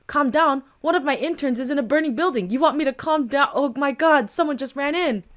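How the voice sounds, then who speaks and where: A woman's voice: lively intonation, quick pace, lightly acted. A woman reading a webtoon aloud, voicing a panicked woman pleading for help at a fire. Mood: frantic. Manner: frantic, pleading, high-pitched.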